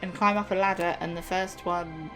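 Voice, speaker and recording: A woman's voice: lowish voice, fairly even intonation, moderate pace, music in the background. A woman co-hosting a reaction video, casually narrating plot steps and chiming in with short agreement. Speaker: co-host reacting to a TV episode. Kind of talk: casual chat.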